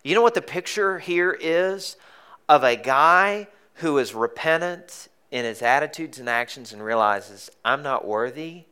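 A male pastor preaching a sermon in a conversational, joking way, sometimes dropping to a hushed, intense tone. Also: a little high, animated, measured pace, clear, resonant tone.

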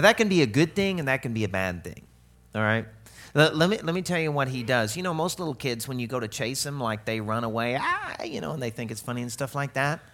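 A man's voice: medium pitch, a bit bright. A middle-aged man preaching a sermon as pastor, conversational and humorous, with playful asides.

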